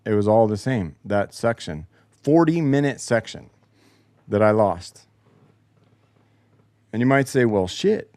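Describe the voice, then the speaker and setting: Speaking at a medium pitch with a slightly mellow quality, a man vents on his casual solo podcast, and there's no echo. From his home basement, the host tells a profane, fed-up story about how his game recording got broken.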